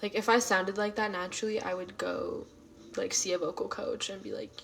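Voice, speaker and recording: A woman's voice: mid-range voice, animated, moderate pace, vocal fry, a bit bright. A woman of twenty-one from California chatting casually on a livestream, reactive and full of fillers, sometimes dropping to a whisper.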